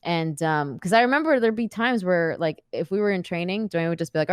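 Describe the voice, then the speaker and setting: A woman in her thirties, a podcast guest, telling a story in a lively, casual way, laughing often and using many fillers. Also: fairly low pitch, fairly quick, smooth, dry recording, studio quality. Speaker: podcast guest, wrestler and actor.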